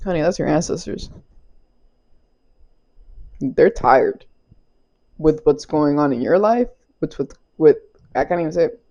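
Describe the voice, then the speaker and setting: A woman's voice: low voice, animated, a little slow, pauses often, dark tone, highs cut off. A young woman giving a casual spiritual tarot reading, loose and chatty, laughing often and swearing casually. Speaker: tarot reader. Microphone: small clip-on mic.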